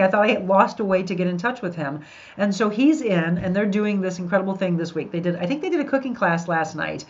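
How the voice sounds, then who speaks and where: A woman's voice: medium pitch, lively intonation, quick pace. A middle-aged woman hosting a podcast, chatting upbeat and talking straight to her listeners. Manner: upbeat, addresses listeners directly. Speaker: podcast host. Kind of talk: live podcast chat with viewers. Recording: dull lo-fi sound.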